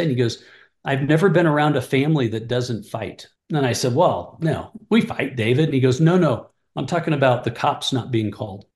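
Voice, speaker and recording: A middle-aged ministry leader with a mid-range voice, recorded in an echoey room, earnestly tells mentoring stories during an interview. He acts out both sides of past conversations in an animated way, restarting as he goes.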